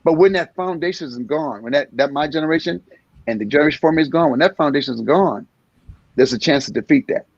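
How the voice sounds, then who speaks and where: A comedian in his sixties talking in an animated interview, acting out little scenes in different voices. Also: on the high side, fast talker, dry recording, dull audio. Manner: energetic storyteller acting out voices. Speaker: comedian guest.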